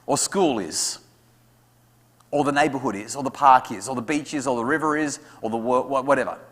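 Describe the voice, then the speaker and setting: A man's voice: mid-range voice, fairly quick. Man giving a talk in a reverberant hall. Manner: lively, acts out quotes of his kids. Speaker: speaker at a parent evening. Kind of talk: talk to an audience with questions. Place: school hall.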